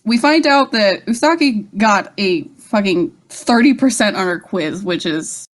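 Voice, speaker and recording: A woman's voice: mid-range voice, expressive, unhurried, hardly any pauses. A woman co-hosting a casual podcast, recapping an episode with frequent laughs and swearing. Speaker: podcast co-host. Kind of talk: casual rewatch chat.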